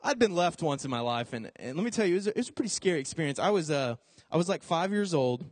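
A young man preaching a casual, storytelling sermon, animated and jokey, acting out voices as he tells it. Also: a little high, quick pace, dry recording.

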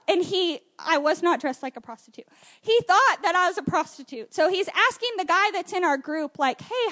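A young woman giving an excited church testimony, telling her story with lots of fillers. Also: very high-pitched. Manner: animated storytelling with many fillers.

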